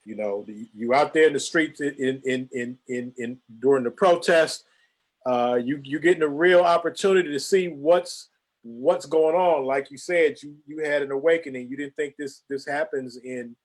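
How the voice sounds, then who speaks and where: A man hosting an interview show over a video call, often repeating words as he starts his questions. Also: medium pitch. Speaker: host.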